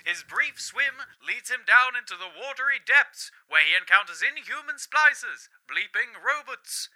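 A man's voice: very high voice, lively intonation, normal speed, sharp tone, voice pushed up, full character voice. A man voicing an over-the-top old-timey TV announcer with breathless, theatrical narration. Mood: dramatic. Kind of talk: mock trailer narration.

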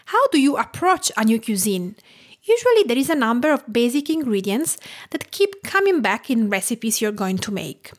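A woman from Tuscany with an Italian accent, hosting a cooking podcast in a measured, instructive way. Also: fairly high pitch, sing-song. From Tuscany, Italy. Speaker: podcast host and home cook. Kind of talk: scripted podcast narration.

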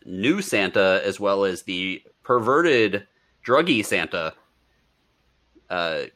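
Bright-voiced man chatting about a movie. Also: low-pitched, animated, slow pace. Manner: rambling, laughs a lot. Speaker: podcast co-host. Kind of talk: casual movie-review chat.

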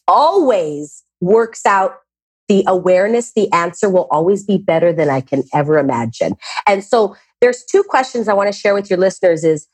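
A woman's voice: mid-range voice, slightly rough, dry recording. A woman talking as a podcast guest who teaches, telling stories and acting out quoted questions in a casual chat. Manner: expressive storyteller, acts out quotes.

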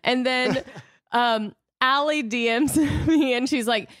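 A woman's voice: sits high, slow pace, no room sound, clean studio sound. A woman in her thirties co-hosting a podcast, chatting casually and telling stories with frequent laughs. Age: 30s. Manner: chatty storyteller, laughs often. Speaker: podcast co-host. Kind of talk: casual chat.

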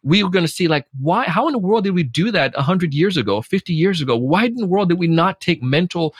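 A man talking casually as a podcast guest, animated, acting out quoted voices. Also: sits high, fast talker, breathy edge, no room sound, studio quality. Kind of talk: casual chat.

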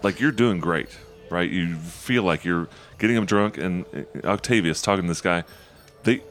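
A man's voice: low-pitched, moderate pace, soft background music. A man running a tabletop game as game master, narrating in an easygoing way and laughing often. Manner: easygoing, laughs often, voices tavern guards.

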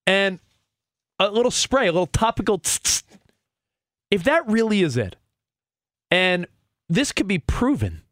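A man co-hosting a sports talk radio show, bantering in a mock-earnest, animated way and cutting in over his partner. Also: high-pitched, measured pace, pauses often, no echo, clean studio sound. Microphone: studio microphone.

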